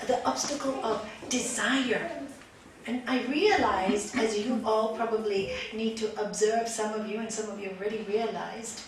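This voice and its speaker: A woman yoga teacher giving a spiritual talk to a group, chatty and animated, telling a fable. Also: a little high, normal speed. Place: meditation group's meeting room. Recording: echoey room, distant mic, background noise.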